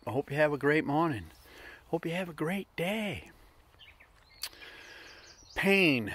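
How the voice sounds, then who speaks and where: A man's voice: a little high, a bit bright. A middle-aged man hosting a casual motivational vlog, telling stories in a plainspoken, folksy way. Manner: plainspoken storytelling with folksy slips. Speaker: vlog host.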